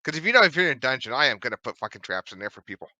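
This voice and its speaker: Bright-voiced casual game master. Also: male voice, medium pitch, sing-song, very fast, no echo, dull audio. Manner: casual, teasing, swears offhand. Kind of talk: narrating a tabletop game over voice chat.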